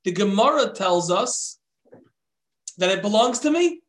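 A man's voice: high voice, lively intonation, a little slow, fairly bright tone, reverberant. A man voicing a poor finder who apologizes but insists on keeping the money. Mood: apologetic. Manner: apologetic, self-justifying.

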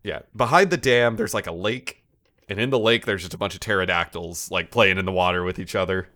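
A man with a somewhat low voice talks through a story in a loose, rambling way. He leans on fillers and chats casually with friends. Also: brisk, pushed and bright. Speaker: podcast co-host recapping an episode. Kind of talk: casual chat.

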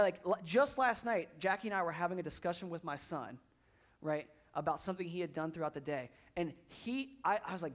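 A man's voice: on the high side, animated, brisk. A man in his thirties preaching a sermon in a church, conversational, often repeating words as he builds up intensity. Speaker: pastor.

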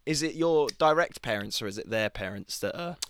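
A man's voice: mid-range voice, lively intonation, a little fast, fairly bright tone, slight background noise. A young man who acts, chatting as a podcast guest, self-mocking and laughing a lot. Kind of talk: casual podcast chat.

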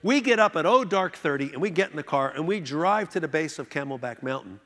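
A man telling a story on stage, with self-deprecating comic timing. His voice sits a little high for a man. The recording has the long reverb of a large hall. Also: expressive, fairly quick, a bit bright. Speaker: speaker. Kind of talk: humorous storytelling talk.

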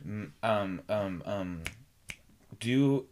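A man co-hosting a podcast in relaxed, agreeable casual chat, quick to chime in. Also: fairly low pitch, slight background noise. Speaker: podcast co-host.

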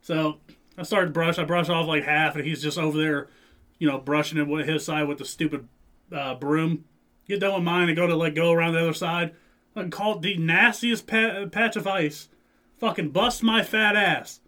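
A man in his twenties telling a rowdy, profane story in casual chat, acting out loud quotes. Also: fairly high pitch, fairly even intonation, normal speed. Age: 20s. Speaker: podcast co-host.

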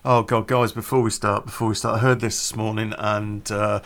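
A man's voice: fairly low pitch, little pitch movement, brisk, fairly bright tone. Man, podcast host, casual rambling chat, laughs at his own gags. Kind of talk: casual storytelling podcast intro.

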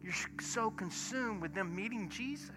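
A man, a pastor preaching in church and acting out stories, swinging from hushed asides to loud bursts. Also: high voice, moderate pace. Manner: animated storyteller, acts out dialogue, swings from hushed to shouting. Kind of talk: sermon with storytelling. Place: church sanctuary. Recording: music playing behind sermon. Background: soft worship music.

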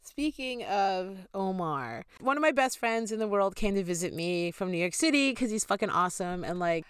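A woman's voice: medium pitch, lively intonation, normal speed, clean tone, no room sound, clean studio sound. A young woman on a podcast, telling loose, profane stories in casual chat and acting out what everyone said. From California. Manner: loose, profane storytelling with acted-out quotes. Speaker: podcast co-host.

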